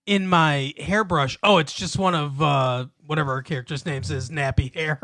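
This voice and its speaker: A man's voice: on the high side, fairly even intonation, moderate pace, bright, forceful tone, pitched below the performer's own voice. A man putting on the voice of a snide, casually cruel teenage girl in a mocking retelling. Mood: sneering.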